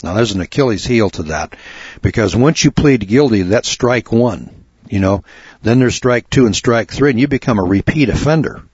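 A man's voice: on the low side, lively intonation, moderate pace, a little mellow, slightly rough, no room sound, dull audio. A man hosting a radio talk show, telling a story in a plainspoken, folksy way, repeating words and getting worked up.

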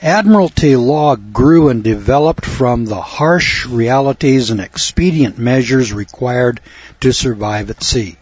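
A man's voice: medium pitch, unhurried, a little mellow, slightly rough, dry recording. A man giving lecture-style radio commentary, folksy and sardonic, with a lecturing cadence, recorded on a dull lo-fi radio recording.

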